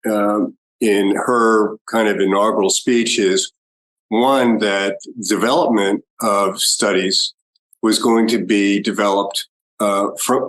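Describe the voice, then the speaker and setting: Male podcast guest, low-ish voice, deliberate and argumentative. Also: fairly bright tone, rough recording. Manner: measured, argumentative, many pauses. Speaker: guest expert. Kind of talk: podcast interview.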